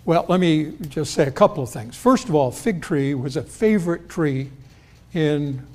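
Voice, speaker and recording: A man's voice: animated, normal speed, darkish tone. A man preaching an expository sermon in a conversational way, acting out the quoted lines. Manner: conversational, acts out quotes with rising pitch.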